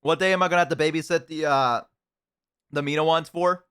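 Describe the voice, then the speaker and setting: A man's voice: a little high, steady tone, fairly quick, a bit bright, clean tone. Rambling casual male streamer. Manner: rambling, self-deprecating, many fillers and restarts; eating while talking.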